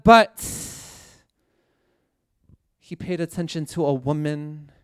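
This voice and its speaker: A man's voice: a little high, clean tone, dry recording, studio quality. A man preaching a sermon, impassioned, building his points through repeated refrains. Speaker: pastor.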